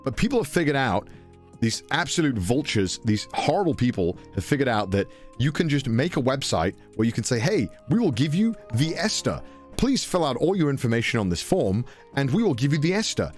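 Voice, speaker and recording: A man's voice: sing-song, brisk, soft background music. A young British man telling a travel story, swearing often and putting on voices for the people in it. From Britain. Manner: swearing, mimics voices, high-pitched exclamations. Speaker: podcast storyteller. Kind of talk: animated anecdote telling.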